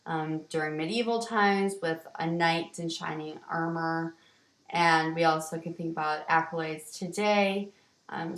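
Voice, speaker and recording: Woman, teacher, vocabulary lesson, slow and explanatory, echoey distant recording. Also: lowish voice, fairly bright tone. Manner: slow, explanatory, with ums and restarts. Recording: roomy, distant from the mic.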